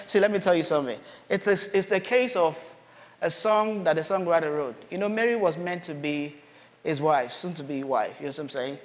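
A man preaching a conversational sermon in a church hall. He acts out the voices of Bible characters in his own voice. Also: high voice.

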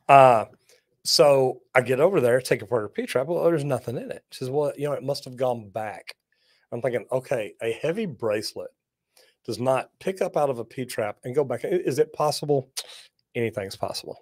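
A man hosts a live plumbing question-and-answer show, spinning lively folksy stories and cracking jokes between viewer comments. His voice sits in a mid range and is recorded close and dry, with no room sound around it. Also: mid-range voice, dry recording. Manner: lively storyteller, folksy and joking.

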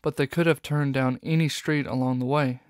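A man reading an audiobook in steady, even scripted narration. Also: mid-range voice, normal speed, no echo, clean studio sound.

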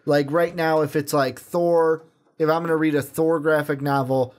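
Brief: man, fairly high voice, earnest and emphatic co-host in casual chat. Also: flat delivery, moderate pace. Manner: earnest, emphatic, repeats himself.

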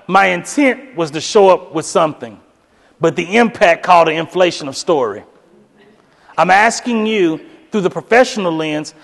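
Animated high-voiced man in a hall. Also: gravelly. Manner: animated, acts out voices with high falsetto for women. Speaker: keynote speaker. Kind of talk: storytelling speech.

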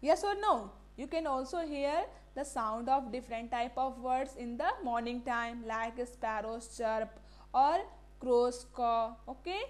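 A woman teaches a classroom lesson in a fairly high, unhurried voice. She asks the class questions, repeats key words, and mixes Hindi phrases into her English now and then.

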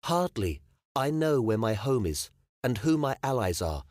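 A man's voice: mid-range voice, very animated, a little slow, darkish tone, no echo, clean studio sound, pitched above the performer's own voice. A male audiobook narrator voicing a proud, blunt young medieval queen who speaks firmly and plainly. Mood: defiant. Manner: firm, commanding, matter-of-fact. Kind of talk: audiobook character voice.

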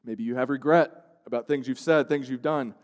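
A male pastor delivering a sermon, moving from hushed, slow passages to loud, emphatic outbursts. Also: mid-range voice, steady tone. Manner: preaching with swings from hushed to emphatic. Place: church sanctuary. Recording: long church-hall reverb.

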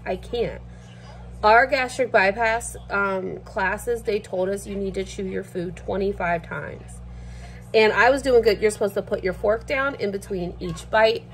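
A woman's voice: medium pitch, a little slow, a bit bright, a little hiss or hum. A woman ranting bluntly and swearing freely while she cooks in her kitchen for a vlog. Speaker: vlogger. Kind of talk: casual rant while cooking. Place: home kitchen.

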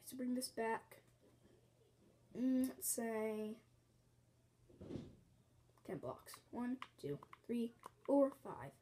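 A woman's voice: medium pitch, a little mellow, a little hiss or hum. A woman teaching a building game step by step, counting blocks aloud, apologizing often as she fights off a cough at home. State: bouts of coughing. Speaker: game tutorial host.

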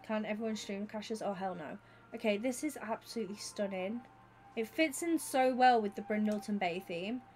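A young woman streaming live, chatting with her viewers in an excitable, rambling way. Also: on the high side, slight background noise. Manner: chatty and excitable, talks to chat by name. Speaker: Twitch streamer. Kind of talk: casual livestream chat with viewers.

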